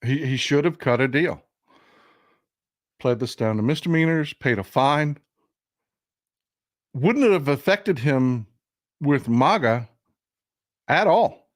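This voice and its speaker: A man's voice: medium pitch, expressive, takes it slowly, pauses often, no echo, studio quality. A man hosting a livestream of casual political commentary, emphatic and full of repeats and restarts, talking straight to his viewers. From Texas. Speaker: livestream host.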